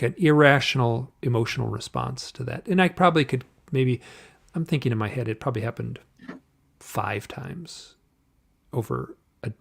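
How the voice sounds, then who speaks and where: A man's voice: mid-range voice, vocal fry, breathy edge. A man as an author guest in a casual interview, rambling and searching for words over a video call.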